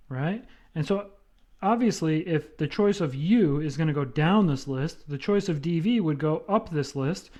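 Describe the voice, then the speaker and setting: A man's voice: a little high, lively intonation, normal speed, dark tone. A man lecturing on math, explaining step by step and checking in often with "right?". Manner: explanatory, repeats with "right?" and fillers.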